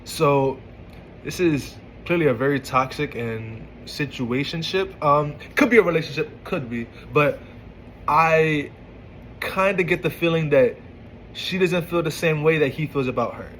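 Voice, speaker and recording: A man's voice: a little high, a little slow, a bit bright, slight background noise, poor audio. A man casually reading out and reacting to a couple's text argument, exasperated and incredulous, often stumbling and restarting his words. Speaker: commentator reading text messages.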